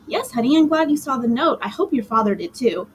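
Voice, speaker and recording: A woman's voice: sits high, expressive, fairly quick, a little hiss or hum. A woman reading aloud, voicing an affectionate young mother in a sweet, lilting tone.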